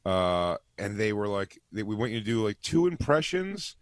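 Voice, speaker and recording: A man's voice: lowish voice, big pitch swings, moderate pace, no echo. A man, a comedian, telling a long self-deprecating story about a failed audition, laughing as he goes. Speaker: comedian guest. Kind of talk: animated storytelling.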